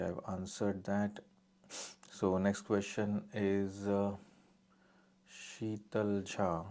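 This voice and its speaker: Deep, flat, gravelly male adviser. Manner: direct, reads out questions then answers plainly. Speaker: immigration adviser answering viewer questions. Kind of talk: live-stream Q&A.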